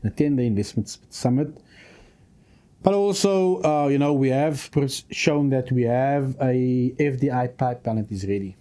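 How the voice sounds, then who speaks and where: A man, a provincial minister giving a radio interview in long, measured policy statements. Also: medium pitch, dark tone. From South Africa. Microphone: studio microphone.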